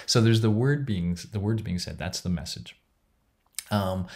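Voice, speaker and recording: A man's voice: fairly low pitch, creaky. A middle-aged man giving a casual recorded lecture from home, talking in a conversational, rambling way. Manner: conversational, rambling with restarts and soft laughs.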